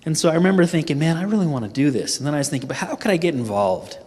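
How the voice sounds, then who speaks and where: Animated man telling a story in a hall. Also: on the high side, racing, breathy edge. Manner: animated, humorous, acts out his own panicked voice. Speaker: speaker at a sales team training. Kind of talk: personal storytelling talk. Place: event hall. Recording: echoey hall reverb.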